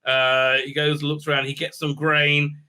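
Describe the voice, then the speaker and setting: A man's voice: a little high, flat delivery, unhurried, bright, forceful tone, smooth. Sarcastic man rambling through a review. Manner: rambling, sarcastic, heavy filler words. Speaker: TV series reviewer. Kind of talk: casual episode recap and review.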